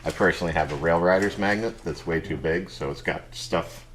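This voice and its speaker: A man's voice: low voice, fairly quick, a little hiss or hum. A middle-aged man co-hosting a casual podcast chat, tossing in dry joking banter. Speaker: podcast co-host.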